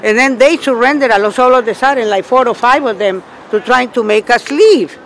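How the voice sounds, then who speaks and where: A union protester with a very high-pitched voice speaks a little fast in an outdoor street interview, angrily recounting what happened. He keeps repeating himself and loudly replays his own retorts, with slight hiss or hum in the background.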